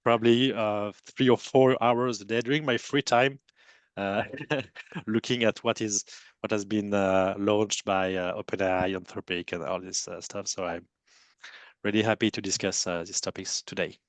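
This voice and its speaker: A man with a French accent speaks on a webinar panel in a lowish voice, stopping often with fillers and restarts. He sounds self-deprecating, and the recording is dry and close. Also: fairly even intonation, normal speed, dry recording. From France. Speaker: panelist, agency CEO.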